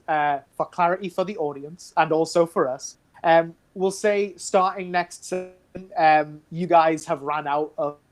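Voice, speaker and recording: A game master narrating a tabletop game in a casual, rambling way with many fillers. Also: medium pitch.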